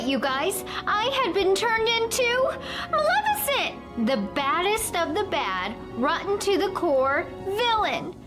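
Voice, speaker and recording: A woman playing a young queen who has been turned into a horned villain, excitable and shrill. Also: exaggerated voice. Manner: excitable, shrill when panicking. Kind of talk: comedy sketch acting.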